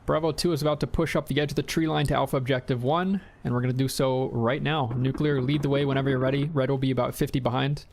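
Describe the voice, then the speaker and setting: Gravelly streamer guy yelling orders at his squad, swears a lot, casual. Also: medium pitch, steady tone, fast talker, few pauses, noisy background. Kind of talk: live game voice chat.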